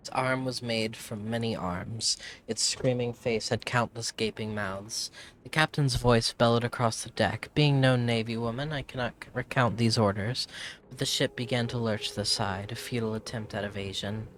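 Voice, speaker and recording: A man's voice: mid-range voice, fairly even intonation, normal speed, fairly bright tone, a little hiss or hum, natural voice. A man reading as a reluctant travel writer in British. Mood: wry. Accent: put-on British. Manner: theatrical, stumbles and rereads words. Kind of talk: reading in-game text aloud. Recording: game music underneath.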